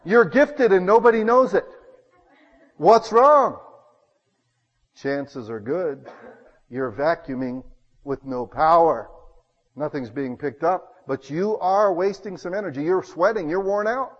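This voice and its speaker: A man preaching a sermon, telling homey stories and swinging between loud bursts and hushed asides. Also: high voice, lively intonation, slow pace, long pauses, big-room sound, dull audio.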